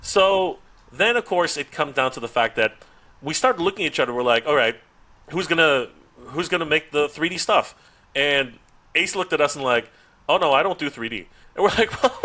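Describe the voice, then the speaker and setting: With a fairly high-pitched voice at normal speed, a man appears on a podcast as a guest, a toy YouTuber recounting a story. He stays casual and animated, dramatizing the dialogue, laughing often, and frequently restarting.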